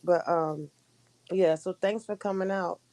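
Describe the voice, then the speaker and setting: A woman's voice: fairly low pitch, steady tone, measured pace, warm tone, no room sound. A woman hosting a casual livestream chat, talking in a loose, rambling way with many restarts. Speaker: livestream host.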